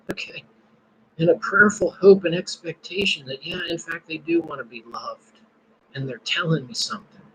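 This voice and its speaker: A man's voice: on the high side, a bit bright, slight background noise, rough recording. A man hosting a casual live stream, musing and praying aloud between his thoughts. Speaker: podcast host.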